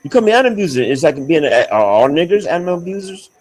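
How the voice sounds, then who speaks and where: A man's voice: on the high side, very animated, racing, darkish tone, poor audio. A man trash-talking on a live stream, profane and taunting.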